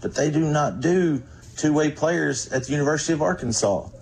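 A man's voice: a little high, a little fast, vocal fry, a little mellow, low-quality recording. A man giving casual, confident analysis as a guest on a sports radio show.

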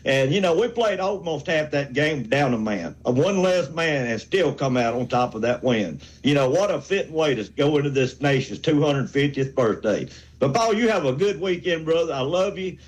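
A man's voice: on the high side, rough recording. Fired-up man in his sixties. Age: 60s. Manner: fired-up, rambling, folksy. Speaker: caller. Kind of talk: sports call-in rant.

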